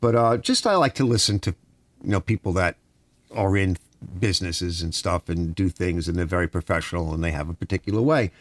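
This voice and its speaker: A man's voice: low-pitched, fairly quick. A middle-aged man hosting a casual live stream, reading chat comments aloud and telling long rambling stories with lots of "you know" and "right?".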